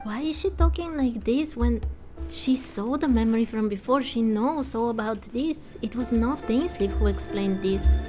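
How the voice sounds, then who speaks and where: A woman's voice: a little high, moderate pace, over music. A woman chatting casually while playing, reacting and asking questions about the story. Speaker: gameplay commentator. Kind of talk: casual game commentary.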